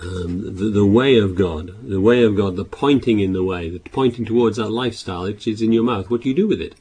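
Low, mellow-voiced preacher man, husky tone. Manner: reads scripture aloud louder, with halting restarts. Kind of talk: sermon.

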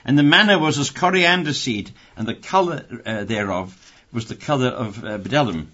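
Male preacher, husky, chatty and wry between scripture readings. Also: medium pitch, expressive, moderate pace, sharp tone. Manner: conversational and wry, with many restarts. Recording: dull lo-fi recording.

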